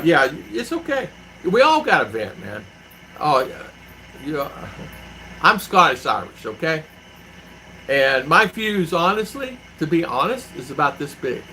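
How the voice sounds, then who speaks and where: A man's voice: on the high side, sharp tone, slight background noise, poor audio. A middle-aged man hosting a live stream from home, telling rambling stories and answering viewers by name. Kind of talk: casual live-stream chat. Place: home in the Philippines.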